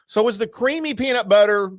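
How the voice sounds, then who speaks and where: A man hosting a casual sports show, talking fast in a fairly high voice. He jokes as he goes and sometimes talks with his mouth full. The sound is dry and close. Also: no echo. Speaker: podcast co-host.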